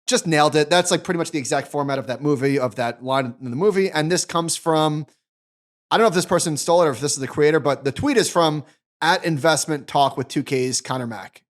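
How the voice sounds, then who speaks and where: A man co-hosting a finance podcast, chatting casually, animated and restarting sentences often. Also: a little high, fairly quick. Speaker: podcast co-host.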